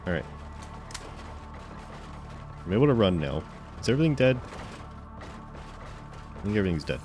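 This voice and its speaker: Low-voiced man streaming a game. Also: sing-song, measured pace, darkish tone, soft background music. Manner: playful, mock-offended banter, stammering restarts. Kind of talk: live gameplay commentary chatting with viewers.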